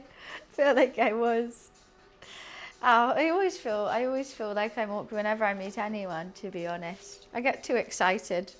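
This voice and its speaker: High-voiced giggly woman streamer. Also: a little slow, a bit bright. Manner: chatty, giggly, easily distracted. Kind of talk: casual live-stream cooking chat. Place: home kitchen.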